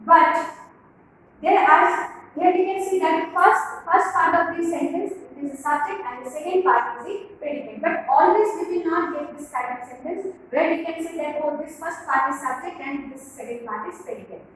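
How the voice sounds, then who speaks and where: A woman teaching an English grammar class, explaining slowly with repeated examples and emphasis. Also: sits high, a bit bright, a little hiss or hum. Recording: echoey room with far-off mic and faint ambience.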